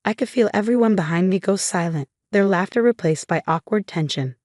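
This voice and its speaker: A young adult woman narrating a dramatic first-person story in a steady, scripted way. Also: mid-range voice, brisk, no room sound, clean studio sound.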